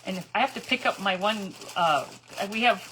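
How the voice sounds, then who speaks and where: A woman's voice: medium pitch, normal speed, a bit bright, a little hiss or hum, low-quality recording. A middle-aged woman hosting a crafting live stream, telling rambling stories and laughing often as she greets viewers. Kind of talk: chatty storytelling while dyeing eggs.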